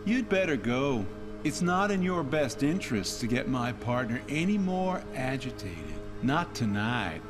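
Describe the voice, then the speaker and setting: A cautious guard in a video game, his voice lively and swinging up and down as he warns and restrains. Soft game music sits behind him. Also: medium pitch, measured pace. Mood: warning. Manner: warning, restraining. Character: wary male guard, calmer partner. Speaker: patrol guard's partner.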